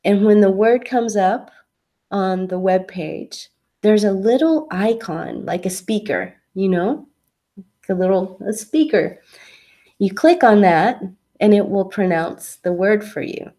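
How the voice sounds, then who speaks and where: Slow, mellow-voiced woman English teacher. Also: medium pitch, lively intonation. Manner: patient, explains step by step with examples. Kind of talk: online English lesson, answering a student's question.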